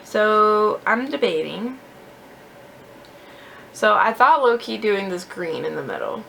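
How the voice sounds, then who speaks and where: A woman's voice: medium pitch, sing-song, slow pace, creaky, sharp tone, a little hiss or hum. A young woman chatting casually as a beauty vlogger while she does her makeup, self-deprecating and full of "like".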